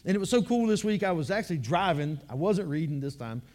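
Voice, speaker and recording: High-voiced man preaching a casual sermon. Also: very animated, fast talker, a little mellow. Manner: conversational, repeats words while building points. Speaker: pastor.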